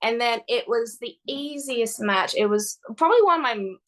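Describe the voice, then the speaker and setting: A woman's voice: on the high side, animated, normal speed, a bit bright. A woman, a wrestler chatting as a podcast guest in a bubbly way and laughing often. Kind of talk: casual interview chat.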